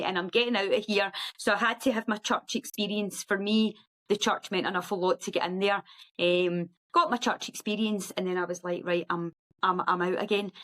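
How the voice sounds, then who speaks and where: A Scottish woman, a guest on an interview show, telling her story in a lively way and acting out the voices of the people in it. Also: mid-range voice, rough recording. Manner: animated storyteller who acts out quoted speech. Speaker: podcast guest, ultra runner.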